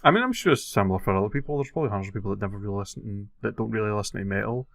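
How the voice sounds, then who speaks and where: A man, co-hosting a podcast in casual chat, swearing freely and getting animated as he rants. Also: fairly low pitch, racing, vocal fry, no room sound. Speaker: podcast co-host.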